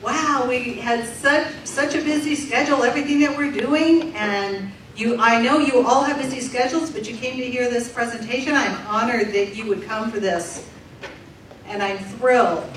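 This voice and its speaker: A woman interpreting a deaf comedian's stand-up set aloud for a live audience, in a lively, animated way. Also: a little high, moderate pace, a little hiss or hum. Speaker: sign language interpreter voicing a deaf comedian. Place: large room with a live audience. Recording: echoey distant room recording.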